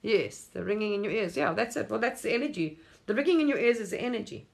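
A woman's voice: mid-range voice, animated, quick pace, creaky. A woman hosting a spiritual livestream, talking in a rambling, effusive way, often laughing and casually swearing.

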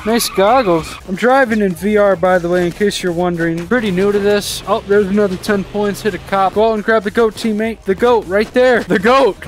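A young man commenting on his gameplay in a rowdy, joking way and shouting at his teammates. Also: high voice, steady tone, normal speed, a little hiss or hum. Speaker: gaming YouTuber.

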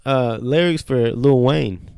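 A man co-hosting a casual podcast, telling stories in an animated, profane way and calling his friends "dog.". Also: mid-range voice, slow pace, gravelly, a crowd in the background. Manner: profane animated storyteller, says "dog" a lot. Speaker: podcast co-host. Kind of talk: casual chat.

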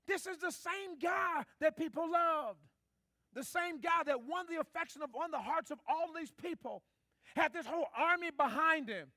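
A man preaching with a high, ringing, bright voice, trading questions and answers with his congregation. The sound is close and dry, with no room around it. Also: normal speed, no room sound. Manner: preaching with call-and-response to the congregation. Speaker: pastor. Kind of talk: sermon.

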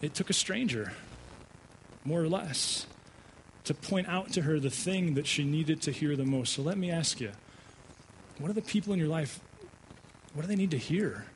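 A male pastor preaching a sermon, telling a personal story with animated delivery and frequent stammered restarts. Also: on the high side, moderate pace, a little hiss or hum, low-quality recording. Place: church sanctuary.

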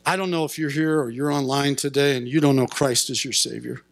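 A male pastor preaching a sermon in church, speaking earnestly and building to impassioned shouts at his peaks. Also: medium pitch, fairly even intonation, brisk, creaky, no echo. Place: church sanctuary.

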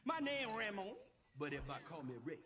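Ray, a chatty Cajun firefly. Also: male voice, sits high, big pitch swings, quick pace, slight background noise, exaggerated voice. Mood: folksy. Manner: chatty, drawling, exuberant. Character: cheerful folksy Cajun firefly, small and friendly. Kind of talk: animated film dialogue. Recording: loud music under the voice. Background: music.

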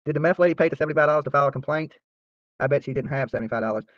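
A man's voice: a little high, rapid-fire, no room sound. A man hosting his channel, ranting casually to viewers in a boastful, profane, trash-talking way. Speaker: YouTube channel host. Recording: dry, slightly dull lo-fi sound.

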